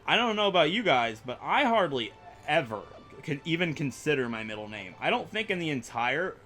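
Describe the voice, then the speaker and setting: A man's voice: a little high, big pitch swings, a little fast, pushed and bright, soft background music. A young man rambling through let's play commentary, chatty and self-mocking as he plays. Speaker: gaming YouTuber.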